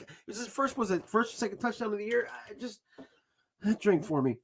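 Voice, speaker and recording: A man ranting angrily as a football fan, swearing and bursting into shouts between sarcastic retellings. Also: high-pitched, lively intonation, a little fast, slightly rough. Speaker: sports vlogger. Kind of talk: angry fan rant.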